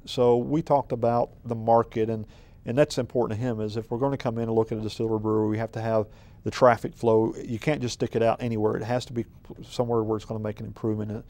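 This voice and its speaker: A man's voice: on the low side, flat delivery, quick pace, warm tone. A man speaking as a city manager in a conversational interview, telling stories in a rambling, folksy way full of ums and restarts. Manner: rambling, filler-heavy, folksy storytelling.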